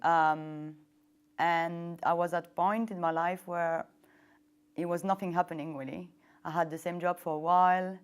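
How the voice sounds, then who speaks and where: Hesitant young woman, lowish voice. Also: flat delivery, normal speed, clear, resonant tone. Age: young adult. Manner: hesitant, many ums, non-native phrasing, laughs between sentences. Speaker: interviewee. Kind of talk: casual interview storytelling. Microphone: wireless lapel mic.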